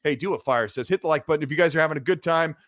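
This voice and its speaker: A man's voice: fairly high pitch, rapid-fire, no echo, clean studio sound. A man hosting a casual gaming livestream, reading viewer messages aloud and laughing between stories. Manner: laughing, animated storytelling.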